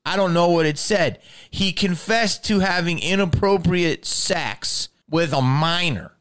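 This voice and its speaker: Profane ranting man with a smooth voice. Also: high voice, a little slow. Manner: profane, animated ranting with restarts. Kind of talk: casual ranting chat.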